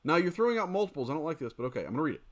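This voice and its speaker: A gaming streamer with a higher-pitched voice talks rapid-fire while playing a mobile game. He chats casually and animatedly with his viewers, sprinkling in lots of fillers like "dude" and "um."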